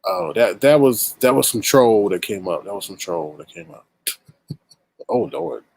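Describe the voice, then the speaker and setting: A man's voice: fairly low pitch, animated, measured pace, a little mellow. A man hosting a casual livestream commentary, chatty and greeting viewers by name as he talks. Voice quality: husky. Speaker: livestream host.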